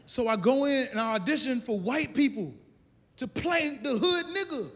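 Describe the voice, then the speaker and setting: A man from Chicago performing a loud, animated stand-up set on a large theater stage, shouting into character voices. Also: extremely high pitch, normal speed, in a large hall, slight background noise. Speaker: stand-up comedian.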